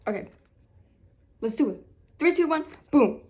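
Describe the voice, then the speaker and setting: A young woman filming an unboxing vlog, talking loudly and dramatically, laughing and half-crying over what she gets. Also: high voice, lively intonation, unhurried. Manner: loud, chaotic, dramatic reactions with laughing and fake crying. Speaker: vlogger unboxing albums.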